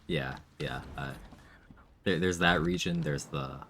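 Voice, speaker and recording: A man's voice: a bass voice, steady tone, a little slow, fairly bright tone, slight background noise. A man playing a co-op game on stream, bantering in a laid-back way and laughing often. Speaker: co-op gaming partner. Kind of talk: casual live-stream chat.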